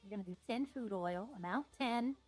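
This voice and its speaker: Faint music plays behind a woman who streams a roleplay game, rambling in casual chat as she plays and frequently losing her thread before restarting. She speaks at a normal speed in a mid-range voice with a breathy edge.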